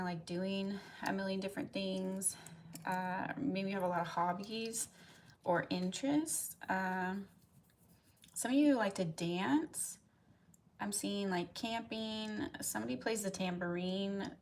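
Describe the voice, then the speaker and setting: A woman gives a casual pick-a-card tarot reading on a live stream, wandering off on tangents and leaning on "like" and "um." Her voice sits at a middle pitch, with a faint hum of ambience behind her. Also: unhurried. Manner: chatty and rambling, heavy use of "like" and "um"; reads viewers' comments aloud and answers them.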